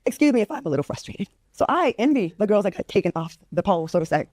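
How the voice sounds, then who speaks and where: A woman's voice: mid-range voice, very animated, fast, a little mellow, no echo, studio quality. A woman in her fifties from Rhode Island, venting in a weary, sarcastic and profane way as a podcast guest. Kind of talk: exasperated comic venting.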